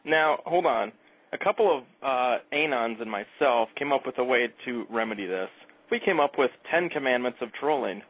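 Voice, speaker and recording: A man calling into a radio show, reading out a crude list in a blunt, flat way. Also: medium pitch, normal speed, dry recording. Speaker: caller. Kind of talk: call-in radio conversation. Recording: tinny phone line.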